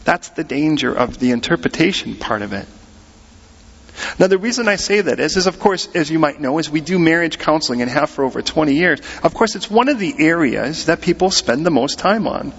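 American pastor guy, middle-aged, preaching casual and animated, kinda high voice, big echoey church, muffled sound. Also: brisk, creaky, slightly rough. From United States. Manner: animated, conversational preaching with acted-out quotes. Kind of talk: sermon. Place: church sanctuary. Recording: muffled sound in a large reverberant hall.

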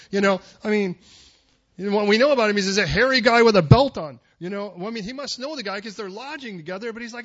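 Brisk and high-voiced with lively intonation, this middle-aged man preaches a sermon through stories that climb to emphatic peaks close to shouting. The sound is lo-fi.

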